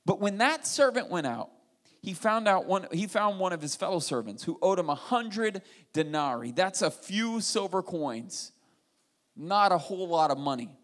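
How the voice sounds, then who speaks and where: Guy preaching, kinda high voice, animated, acts out the story lines as he goes. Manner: animated preaching, retells scripture with lively dialogue and asides. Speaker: pastor. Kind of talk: sermon.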